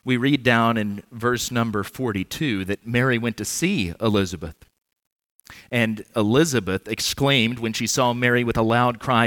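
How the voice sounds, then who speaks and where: A man preaching an earnest, measured sermon in church, with touches of gentle humor. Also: medium pitch, no echo.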